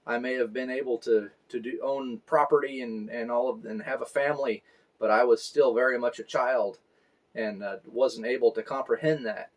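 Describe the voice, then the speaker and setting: A man's voice: medium pitch, fairly even intonation, moderate pace. Reflective man in his forties preaching. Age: 40s. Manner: reflective and conversational, with fillers. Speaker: pastor. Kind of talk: story sermon.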